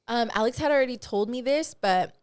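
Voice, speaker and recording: A woman co-hosting a podcast in casual chat, telling an animated, profane story full of acted-out quotes into a close mic. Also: on the high side, brisk, clean tone, no room sound. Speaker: podcast co-host.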